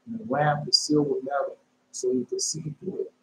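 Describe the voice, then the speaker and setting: A man preaching informally and telling a dream, emphatic, repeating his phrases and jumping into sudden high shouts. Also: normal speed. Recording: echoey room with faint noise.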